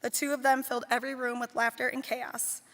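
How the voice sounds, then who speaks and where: A woman's voice: on the high side, level tone, brisk, fairly bright tone. A woman who cared for two children gives a read memorial speech, tender and fond as she tells their stories. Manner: heartfelt, tender, fond storytelling. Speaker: nanny giving a eulogy. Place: large theater hall. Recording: long reverb of a large hall.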